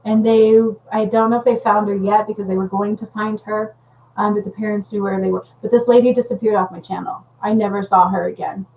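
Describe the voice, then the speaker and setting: A woman's voice: mid-range voice, fairly even intonation, brisk, gravelly, a little mellow, a little hiss or hum, low-quality recording. A woman working as a spiritual healer and medium, talking casually and intensely to viewers on a livestream, rambling and often checking in with "okay?".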